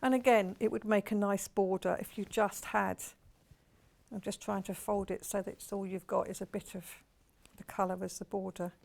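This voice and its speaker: A woman's voice: medium pitch, steady tone, normal speed, vocal fry, a little mellow. A woman presenting on a shopping channel, chatty and enthusiastic, gushing about each fabric. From United Kingdom. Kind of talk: live TV sales presentation.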